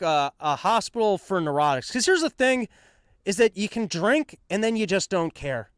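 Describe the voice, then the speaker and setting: A man's voice: high voice, smooth, no room sound, clean studio sound. A man hosting a comedy podcast alone from his apartment, rambling through a self-mocking monologue and slipping into mock dialogue.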